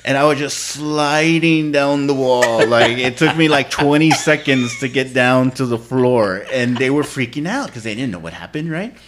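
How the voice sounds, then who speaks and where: Male podcast co-host, casual storyteller, mid-range voice, relaxed swearing. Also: mid-range voice, normal speed, hardly any pauses, noisy background.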